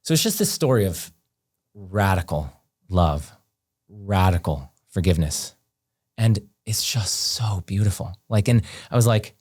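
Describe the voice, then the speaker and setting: A man with a very low voice recounts a story as a podcast guest, speaking casually and animatedly. He peppers his talk with "like" and "um." The sound is dry and close, with no room echo. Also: a little slow, husky. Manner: animated, heavy on fillers like "like" and "um".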